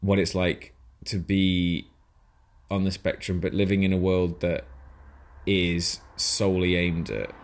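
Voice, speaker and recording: A man with a very low, deep voice co-hosts a casual podcast. He rambles and hesitates, filling gaps with ums and starting over mid-sentence. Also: level tone, a little slow. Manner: rambling, hesitant, many fillers and restarts. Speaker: podcast co-host.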